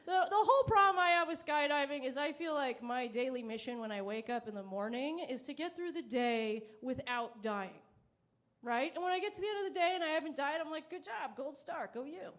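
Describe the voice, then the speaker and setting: A woman performing a stand-up comedy set on stage, deadpan and self-mocking, acting out little quoted exchanges. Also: high voice, a little fast. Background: audience laughter.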